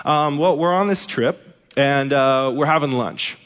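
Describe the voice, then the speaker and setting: A man's voice: mid-range voice, lively intonation, moderate pace, fairly bright tone, clean tone. A man preaching a sermon as a pastor, telling a story with humor. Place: church sanctuary. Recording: echoey hall reverb.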